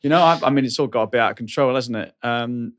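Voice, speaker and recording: A man taking his turn in a tabletop role-play as a nervous young cabin boy. He stumbles and circles his words, full of ums and restarts, with an ordinary mid-pitched voice. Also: fast talker. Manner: hesitant, rambling, many fillers. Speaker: player.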